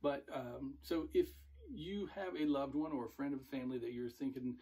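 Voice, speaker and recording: A middle-aged man, a former military recruiter, telling stories in a relaxed, rambling way with many fillers. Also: medium pitch, moderate pace, husky. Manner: relaxed, rambling, with frequent fillers and self-corrections. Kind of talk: casual storytelling monologue.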